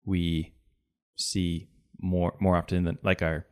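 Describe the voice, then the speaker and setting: A man's voice: sits low, level tone, slow, darkish tone, clean tone. A young man co-hosting a podcast, joking with friends and then reflecting at length on what friendship means. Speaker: podcast co-host. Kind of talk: casual chat.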